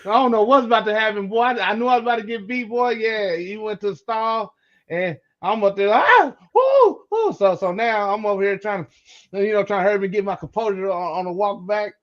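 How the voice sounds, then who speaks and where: A man co-hosting a podcast, telling a childhood story in casual chat, animated and acting out the voices in it. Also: high voice, quick pace, dull audio. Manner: animated, acts out quoted voices, repeats words. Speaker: podcast co-host.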